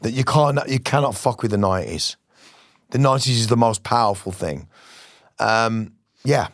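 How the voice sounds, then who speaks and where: A middle-aged man talks in a loose, rambling, passionate way, swearing freely. His voice sits at an ordinary male pitch. The sound is dry and close, with no room around it. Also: moderate pace, no echo. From West Midlands, England. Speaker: musician guest. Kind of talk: casual interview chat.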